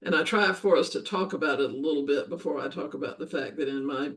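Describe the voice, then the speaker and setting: An older woman, an education author, is a guest in a reflective interview, speaking earnestly and thoughtfully and often restating her ideas in long lists. Her low voice moves fast, and the recording is rough with a distant mic.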